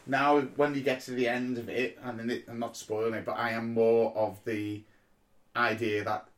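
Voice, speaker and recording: Animated, swearing man chatting. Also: mid-range voice, normal speed. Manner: animated, swears freely, laughs often. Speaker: podcast co-host. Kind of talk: casual chat.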